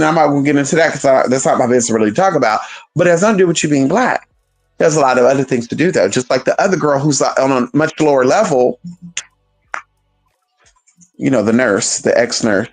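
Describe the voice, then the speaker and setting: A man hosting his channel, ranting in a sassy, profane, swooping and emphatic way. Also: a little high. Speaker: channel host. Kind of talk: casual rant to camera.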